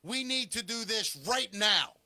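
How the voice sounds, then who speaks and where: A man's voice: sits high, measured pace, sharp tone, pitched above the performer's own voice, full character voice. A man imitating an impatient young man who insists on doing things right now. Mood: insistent. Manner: urgent, insistent.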